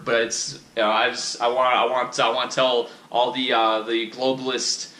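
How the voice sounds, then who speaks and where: A man's voice: mid-range voice, level tone, moderate pace, few pauses, pushed and bright, reverberant. A man vlogging in a casual, rambling monologue, profane and self-critical, with many restarts.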